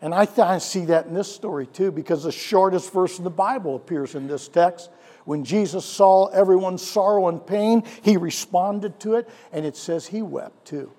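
A male pastor preaching a sermon, animated, with rhetorical questions and chuckles, in a church. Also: sits high, normal speed. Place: church sanctuary. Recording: long church hall reverb.

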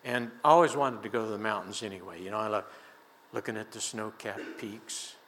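An older preacher speaks fairly quickly in a lowish, bright, forceful voice with fairly even intonation, mixing scripture with a folksy personal story and easy chuckles. A large church sanctuary gives a long reverb, with slight background noise underneath.

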